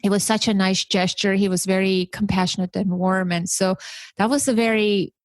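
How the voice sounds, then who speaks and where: Lively woman podcast host telling stories. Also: normal speed, no echo. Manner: animated, acts out quoted voices with big pitch jumps. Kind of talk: casual conversational storytelling.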